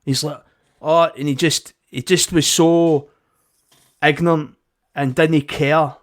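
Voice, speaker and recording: Scottish guy, young, bit high-pitched, ranting a story and doing all the back and forth himself, lots of swearing. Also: slow. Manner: animated, swears freely, acts out both sides of an argument. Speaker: podcast co-host. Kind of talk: casual storytelling chat.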